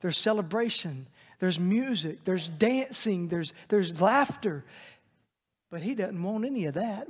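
High-voiced preacher man in a reverberant hall. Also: expressive, normal speed. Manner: dynamic, swings from loud emphatic to hushed. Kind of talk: sermon. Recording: long reverb of a large hall.

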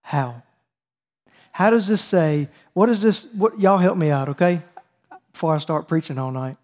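A man's voice: a little high, moderate pace, darkish tone. A man preaching a teaching sermon, reading scripture and calling on his listeners to answer aloud. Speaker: preacher leading a Bible study.

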